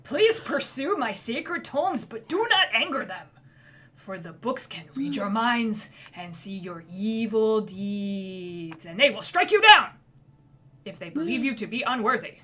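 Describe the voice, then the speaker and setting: A woman's voice: fairly high pitch, very animated, a little slow, a bit bright, exaggerated voice. A woman voicing an eight-year-old dwarven boy who talks in a pompous, theatrical announcer voice. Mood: grandiose.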